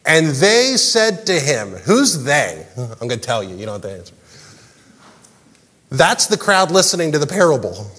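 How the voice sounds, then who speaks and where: Male pastor, sermon, animated, jokey, swooping intonation, long hall reverb. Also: a little high, normal speed, long pauses, husky. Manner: animated, jokey, acts out characters' lines. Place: large church hall.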